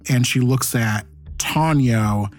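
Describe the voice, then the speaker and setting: A man's voice: medium pitch, takes it slowly. A man running a tabletop game as game master, narrating scenes loosely with many fillers.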